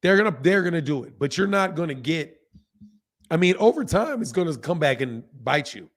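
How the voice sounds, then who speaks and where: A man with a hoarse voice hosting a casual boxing livestream, talking straight to viewers, repeating points and reading out chat comments. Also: on the high side, animated, fairly quick. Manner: talks straight to viewers, repeats himself for emphasis. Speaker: boxing channel host.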